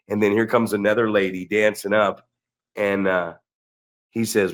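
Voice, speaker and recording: A man co-hosting a wrestling podcast, telling stories in an animated, excitable way with lots of restarts. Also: lowish voice, a little fast. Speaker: podcast co-host and wrestling promoter. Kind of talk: casual storytelling chat.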